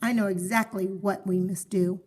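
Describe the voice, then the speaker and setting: A woman voicing an excitable middle-aged husband in a children's story she reads aloud, with loud, blustery exclamations. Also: mid-range voice, moderate pace, close to an everyday voice. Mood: decisive.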